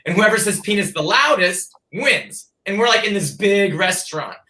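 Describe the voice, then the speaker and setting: A podcast host chatting casually, telling stories with gushing, animated energy. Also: female voice, medium pitch, normal speed, roomy sound. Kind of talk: casual chat.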